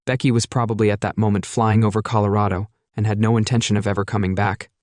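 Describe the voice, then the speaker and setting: Steady male storyteller, low register, dry booth sound. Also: fast talker, dry recording. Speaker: story narrator. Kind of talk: first-person story reading.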